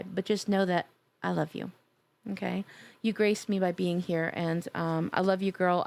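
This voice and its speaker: A woman live-streaming, chatting casually with her viewers, gushing and playful as she reads chat aloud. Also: medium pitch.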